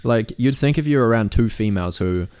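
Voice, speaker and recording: A man's voice: lively intonation, quick pace, clean tone. A young man telling crude, swear-filled stories on a casual podcast, acting out the quotes. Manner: swears a lot, acts out quotes in a high shouty voice. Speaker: podcast co-host.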